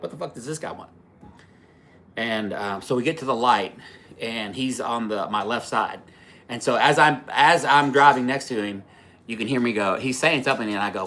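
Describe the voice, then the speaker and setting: A man's voice: mid-range voice, fairly bright tone, slight background noise. A man in his fifties hosting a livestream, telling stories in a rambling, profane way with many fillers and restarts. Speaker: livestream host. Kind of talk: casual livestream storytelling.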